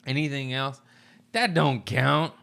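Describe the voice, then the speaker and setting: A man's voice: mid-range voice, slow, vocal fry, fairly bright tone. A man in crude, profane comic banter, teasing and laughing often.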